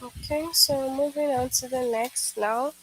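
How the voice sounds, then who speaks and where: A woman's voice: high-pitched, fairly even intonation, a little slow, fairly bright tone, slight background noise, low-quality recording. A woman teacher giving an online grammar lesson for young children, patient and repetitive, often checking in with "okay?".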